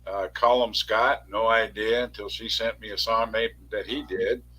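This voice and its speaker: Man, middle-aged, casual chat, rambling, husky, bright. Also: fairly low pitch, fairly even intonation, moderate pace, rough recording. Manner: rambling, self-correcting storyteller.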